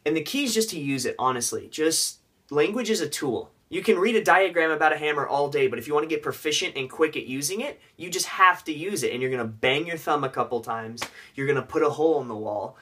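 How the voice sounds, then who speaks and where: A man's voice: fairly high pitch, expressive, quick pace, bright, forceful tone, husky. A young man casually vlogging tips on learning a language, with joking, rambling asides.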